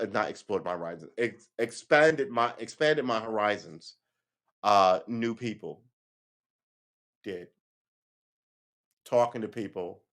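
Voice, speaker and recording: Guy ranting on his stream, lively, acts out other ppl's lines, trips over words a lot. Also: lowish voice. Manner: animated, acts out voices of others; restarts and stumbles on words. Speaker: livestream host. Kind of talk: casual opinion monologue.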